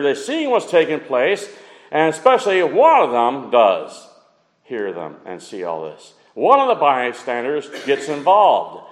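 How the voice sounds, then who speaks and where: A man preaching a sermon, acting out the quotes with big swings in pitch and loudness. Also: long reverb tail, low-quality recording. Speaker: pastor.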